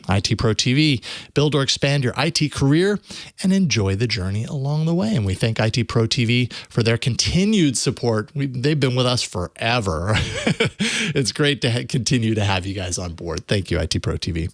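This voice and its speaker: A man hosting a tech news show, reading a sponsor spot and then interviewing a guest in a relaxed way, with many fillers and restarts. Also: medium pitch, dry recording, clean studio sound. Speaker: host. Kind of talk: podcast host reading an ad and interviewing.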